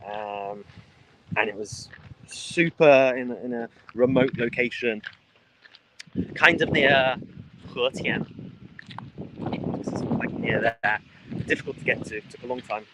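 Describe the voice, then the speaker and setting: A man's voice: medium pitch, takes it slowly, pauses often, noisy background. A man from the United Kingdom livestreaming as he walks outdoors through a rural mountain village, chatting casually with lots of fillers and restarts. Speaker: travel vlogger livestreaming.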